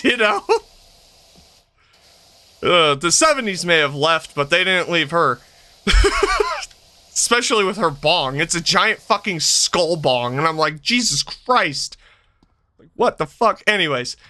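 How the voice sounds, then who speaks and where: A man in his thirties chatting casually on a game stream, swearing freely, laughing often and telling stories. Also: high voice. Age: 30s. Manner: animated, profane, laughs often. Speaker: streamer host. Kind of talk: casual chat while gaming.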